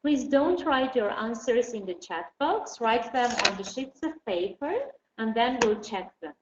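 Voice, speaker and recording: A woman teaching an online English lesson. She explains patiently and slowly, with many fillers. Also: fairly high pitch, lively intonation. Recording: dull roomy recording, faint noise.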